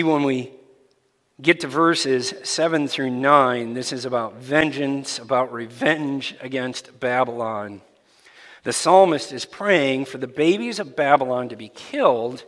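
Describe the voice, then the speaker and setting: A man preaching a sermon as pastor, swinging from hushed, near-whispered lines to loud, heated ones. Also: medium pitch, slow pace. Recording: long hall reverb.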